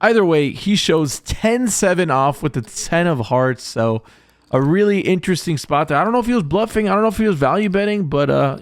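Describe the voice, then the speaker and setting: A man's voice: mid-range voice, no echo. A man narrating his poker hands as a vlog voice-over, upbeat and jokey in a play-by-play way. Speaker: poker vlogger. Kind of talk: voice-over hand recap.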